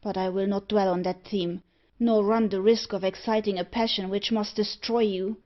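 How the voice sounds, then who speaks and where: A woman reading the lines of a brooding young gentleman with a dark secret, earnest and grave. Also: mid-range voice, steady tone, normal speed, dull audio, natural voice.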